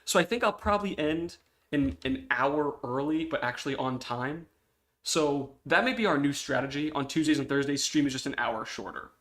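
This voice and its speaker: A young man chatting on a live stream about his indie comic. He often breaks off mid-sentence and clears his throat. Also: on the high side, lively intonation, normal speed, fairly bright tone. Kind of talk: casual live-stream chat.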